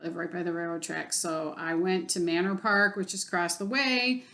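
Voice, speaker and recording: A woman's voice: lowish voice, fairly even intonation, normal speed, a bit bright. Blunt, profane woman ranting. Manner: blunt, profane, exasperated storytelling. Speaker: vlogger. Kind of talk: casual vlog rant.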